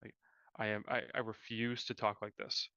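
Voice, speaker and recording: Man co-host, casual rambling hockey chat, bright and crisp, dry dull sound. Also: lowish voice, little pitch movement, normal speed, no echo. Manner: rambling, filler-heavy, self-correcting. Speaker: podcast co-host. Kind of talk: casual live-stream chat.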